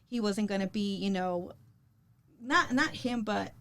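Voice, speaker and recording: A woman's voice: mid-range voice, measured pace, fairly bright tone. Earnest woman co-host, long explanations. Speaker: podcast co-host and real estate agent. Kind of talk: casual panel chat.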